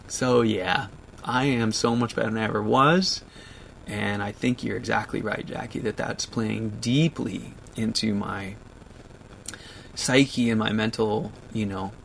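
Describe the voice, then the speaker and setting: A man in his thirties hosting a livestream, reading viewer comments aloud and talking through them, choked up and laughing through tears, with halting restarts. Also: on the low side, creaky, a bit bright, slight background noise. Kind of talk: emotional casual livestream chat.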